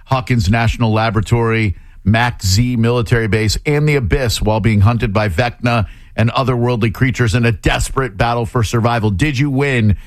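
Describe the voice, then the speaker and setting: A man's voice: mid-range voice, brisk, few pauses, no echo. A man hosting a casual on-air interview at a studio microphone, rambling and joking at his own expense. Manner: joking, rambling, self-deprecating. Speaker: radio host.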